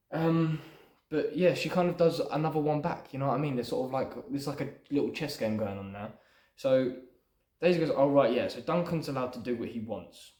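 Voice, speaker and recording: A screenwriter running his own channel discusses the film script he's writing in a slightly mellow, mid-range voice. He rambles casually, sprinkling in "sort of" and "you know," over a recording with a roomy echo.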